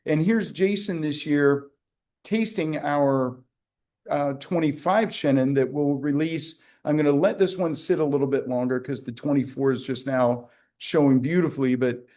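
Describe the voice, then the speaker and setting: A man with a fairly high, darkish voice speaks at a moderate pace. He's a winery executive hosting a casual virtual wine tasting from the winery via video call, rambling and joking while using fillers and restarts.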